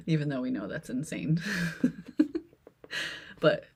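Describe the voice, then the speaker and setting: Slow, breathy woman chatting as she sketches. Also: low-pitched. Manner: giggly, rambling, with frequent laughs. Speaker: artist and video host. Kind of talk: casual chat while sketching. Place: home office.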